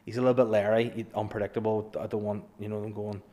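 A man's voice: fairly low pitch, flat delivery, quick pace, warm tone. Man telling swearing anecdotes. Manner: swearing, laughs through his stories, acts out dialogue. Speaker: storyteller guest. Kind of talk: casual chat, telling anecdotes.

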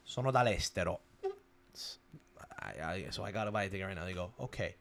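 A young man from Canada, hosting a podcast, telling a story fast and loose with swearing and restarts. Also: sits low, gravelly, a bit bright. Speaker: podcast host. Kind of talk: casual chat.

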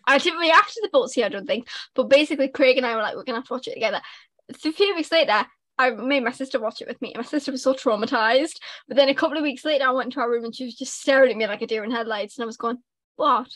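A woman's voice: high-pitched, very fast, no room sound. A young woman, co-hosting a casual podcast and telling stories animatedly, acting out quotes. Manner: animated storyteller, acts out quotes. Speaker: podcast co-host. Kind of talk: casual chat.

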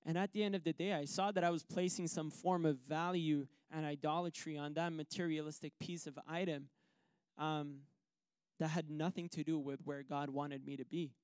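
A man preaching a sermon, telling a personal story with lively acted-out quotes. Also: fairly high pitch, normal speed, clean tone, no room sound, studio quality. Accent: Canadian English. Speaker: pastor.

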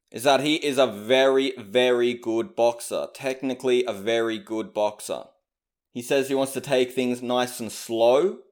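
Chatty man giving fight opinions. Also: medium pitch. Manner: opinionated, chatty, hedges his claims. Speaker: MMA commentator. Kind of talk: casual fight recap.

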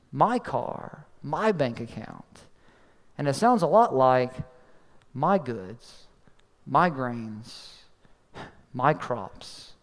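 A pastor in his thirties delivers a sermon, a man with a fairly high voice. He tells family stories and acts out the quoted lines with animation. His voice rings with the long reverb of a large hall. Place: church sanctuary.

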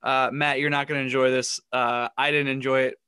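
Man, podcast co-host, bright forceful voice, dry close sound, laughs a lot. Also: mid-range voice, flat delivery, fairly quick, clear, resonant tone, dry recording. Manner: laughs often while recounting funny stories. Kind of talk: casual sports chat.

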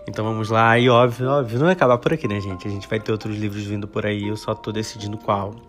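A man's voice: lowish voice, very fast, faint music behind. A man hosting a podcast lesson, chatting upbeat and reading a storybook aloud. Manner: upbeat, chatty greetings, then steady reading. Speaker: podcast host and English teacher.

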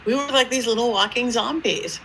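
A woman guest telling stories in an interview, with a lively improv-comedy manner and acted-out quotes. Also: fairly quick, slight background noise, poor audio. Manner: lively, acts out quoted voices with big pitch jumps. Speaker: psychic medium guest. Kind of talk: animated storytelling interview.

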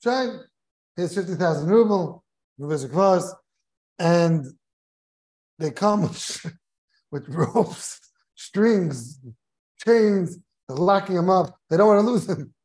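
A man's voice: high voice, lively intonation, slow, long pauses, darkish tone. A man who is a rabbi giving a Torah class in a study hall, telling a humorous story and chuckling as he goes, mixing Hebrew and Yiddish terms into his English.

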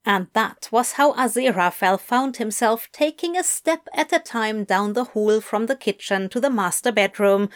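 A woman narrating a romance story in an unhurried, expressive reading voice. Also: a little high. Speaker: story reader. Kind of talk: audiobook narration of fan fiction.

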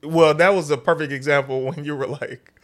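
A man co-hosting a casual podcast, giving measured, emphatic opinions. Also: a little high, fairly even intonation. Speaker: podcast co-host. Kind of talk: casual chat.

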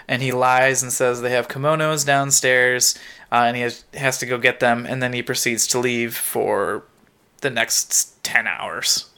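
A man's voice: mid-range voice, steady tone, a little slow, sharp tone, clear, resonant tone. A man co-hosting a podcast, casually retelling a TV episode's plot step by step with light laughter. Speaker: podcast co-host.

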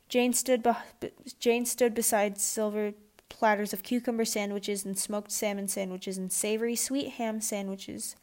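A woman reading a children's chapter book aloud at a steady pace, with small restarts. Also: mid-range voice. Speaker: audiobook reader. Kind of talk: storybook read-aloud.

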